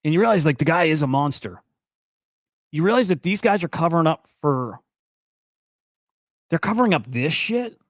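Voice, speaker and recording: In clean studio audio with no room sound, a young man hosts a casual stream on crypto and NFT news. His slightly high voice is lively, moderately paced and often broken by pauses, and his commentary is rambling, profane and increasingly worked up.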